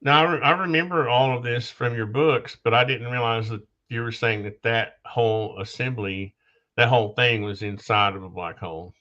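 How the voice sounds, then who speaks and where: A man hosting a casual podcast conversation, talking haltingly with restarts, losing his train of thought and coughing now and then. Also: medium pitch, fairly even intonation, bright, forceful tone. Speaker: podcast host. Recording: dull lo-fi sound.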